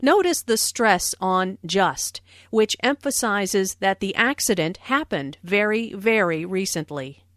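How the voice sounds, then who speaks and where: A woman explaining English phrases in a scripted lesson, with slow, careful and clearly stressed speech. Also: medium pitch, fairly bright tone, no room sound, studio quality. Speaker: English teacher. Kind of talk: scripted lesson narration and dialogue.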